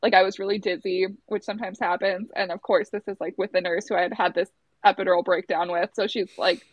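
A woman's voice: mid-range voice, little pitch movement, quick pace, no echo. A young adult woman, a labor and delivery nurse, casually telling her birth story in a chatty way. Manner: chatty, acts out quotes in a raised voice.

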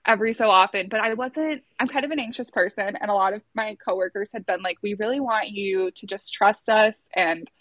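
A woman's voice: medium pitch, no room sound. Chatty woman telling a story, dry close sound. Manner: chatty, many filler "like"s, acts out quotes. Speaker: guest telling her birth story. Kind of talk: casual storytelling.

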